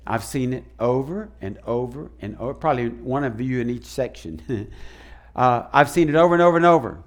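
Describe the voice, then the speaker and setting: A man preaching a sermon as pastor, animated and acting out the voices he quotes. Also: medium pitch, brisk.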